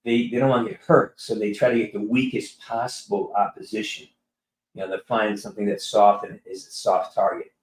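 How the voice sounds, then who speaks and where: A man chatting casually with his live-stream audience, telling a rambling, animated story with many restarts. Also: lowish voice, brisk, slight background noise. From California. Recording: roomy echo.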